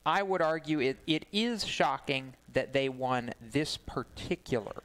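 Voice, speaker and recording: Racing radio cohost dude, bouncy lively voice, quick dry quips from the studio. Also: male voice, medium pitch. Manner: animated, quick banter and wry remarks. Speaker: radio show co-host. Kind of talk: casual motorsport radio talk.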